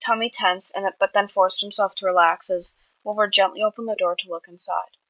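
A woman's voice: medium pitch, steady tone, fairly quick, fairly bright tone, dry recording, rough recording. A woman reading her own story aloud, with small slips and self-corrections. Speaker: amateur writer.

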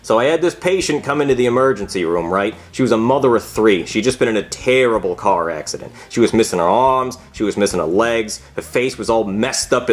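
A man playing a self-absorbed, petty doctor in a comedic puppet skit, who speaks in a self-pitying, snide and deadpan way. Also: mid-range voice, lightly acted.

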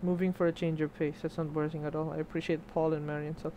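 A man's voice: a little high, flat delivery, fast, dark tone, a little hiss or hum. Chatty young man streaming a game. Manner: chatty, swears, reads game text aloud. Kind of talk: casual let's play commentary.

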